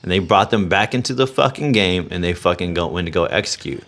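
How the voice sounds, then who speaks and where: A man's voice: low voice, animated, fast talker, fairly bright tone. A man who coaches athletes, talking on a podcast in an intense, motivational and profane way. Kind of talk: casual podcast chat.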